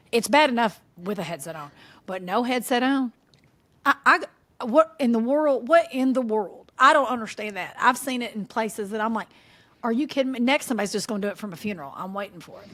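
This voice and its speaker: A woman's voice: mid-range voice, fairly bright tone. A middle-aged woman holds forth in a casual podcast chat. She tells stories with lots of animation and laughs often, slipping in folksy turns of phrase. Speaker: podcast co-host.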